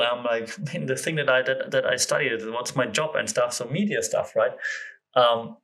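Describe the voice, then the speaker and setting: A man's voice: medium pitch, normal speed, fairly bright tone. A man hosting his own podcast, chatting casually and thinking aloud in a loose, rambling way. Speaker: podcast host. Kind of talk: casual solo podcast chat.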